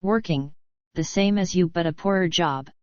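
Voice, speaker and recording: A woman reading the lines of a cool-headed young male outlaw who answers with quick, dignified defiance, in a dull lo-fi recording. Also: lowish voice, a little mellow, no echo, lightly acted.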